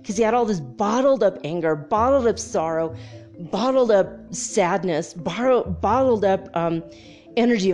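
A middle-aged woman telling a spiritual story in a candid, animated way, laughing often and acting out what others said. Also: medium pitch, moderate pace, faint music behind. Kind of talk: casual spoken storytelling.

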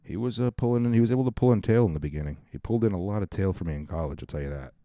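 A man's voice: low-pitched, expressive, rapid-fire, warm tone, dry recording, clean studio sound. A man in his thirties hosting a podcast, telling crude, rambling, comedic stories in a mocking tone. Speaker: podcast host. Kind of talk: casual comedic storytelling.

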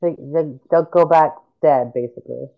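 A man jumping in with quick, joking remarks during a casual podcast book chat. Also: a little high, vocal fry, highs cut off. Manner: quick interjections, agreeing and joking. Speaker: podcast co-host.

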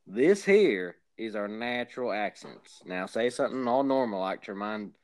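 A man playing a blustery Southern hillbilly podcast host with a drawling Southern accent and deliberately bad grammar. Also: lowish voice, expressive, darkish tone, natural voice. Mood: rambling. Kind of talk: comedic character banter.

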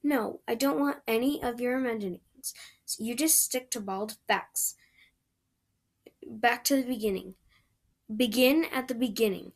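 A woman's voice: a little high, a little slow, creaky, pauses often. A woman voicing a stern, dry older woman guardian who speaks curtly and bluntly. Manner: curt, blunt, matter-of-fact.

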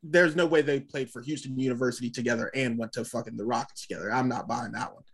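A man co-hosting a podcast, talking sports in a halting way with frequent restarts and swearing. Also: mid-range voice, fairly even intonation, over a noisy crowd. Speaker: podcast co-host. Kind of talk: casual sports chat.

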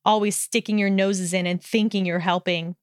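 A contemptuous young man who snarls and sneers at everyone, as a woman reads him aloud. The voice stays smooth and close, with no room sound around it. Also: mid-range voice, steady tone, normal speed, no room sound, natural voice. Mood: snarling. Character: sneering hostile young man, snide bully.

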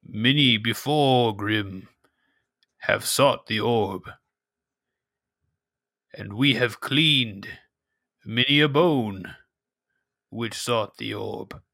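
A solemn underground villager, as a man puts him on in a tabletop game, dragging out each broken phrase. The voice is bright and forward. The sound is dry and close. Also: fairly low pitch, vocal fry, no room sound, full character voice. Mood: ominous. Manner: slow, halting, ominous broken speech. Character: solemn male cave villager speaking broken English.

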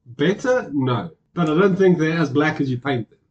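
A man's voice: on the high side, lively intonation, moderate pace, a little mellow. A man co-hosting a podcast from his home study, talking in a sarcastic, profane rant. He swears freely and rants in casual chat. His audio sounds dull and lo-fi. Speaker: podcast co-host.

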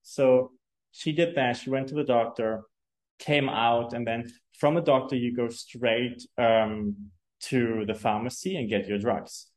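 A man's voice: medium pitch, a little slow. A German man as a podcast guest, telling casual stories and laughing easily. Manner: relaxed storyteller, laughs easily. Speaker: guest, agency co-founder. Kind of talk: casual interview chat.

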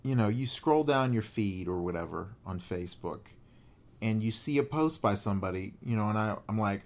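A man's voice: on the low side, lively intonation, normal speed, darkish tone. A man co-hosting a podcast, talking casually and earnestly, his voice climbing when he is moved. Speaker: podcast co-host. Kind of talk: casual conversation.

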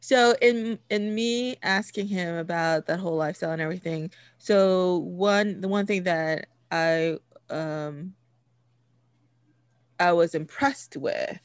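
A woman's voice: lowish voice, slow pace, smooth, dry recording, clean studio sound. A woman telling a personal story in casual chat, full of fillers and restarts. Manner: chatty, many fillers and restarts, laughs while telling.

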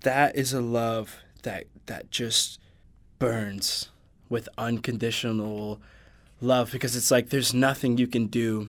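A man's voice: mid-range voice, fairly even intonation, slow. A man in a casual podcast conversation, earnestly quoting and unpacking scripture. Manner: earnest, quotes scripture at length. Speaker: podcast guest. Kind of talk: casual faith discussion.

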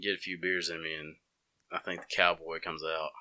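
A man's voice: low voice, little pitch movement, moderate pace, pushed and bright. A man from Alabama with an Alabama accent, chatting in an easygoing way and laughing often. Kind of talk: casual chat.

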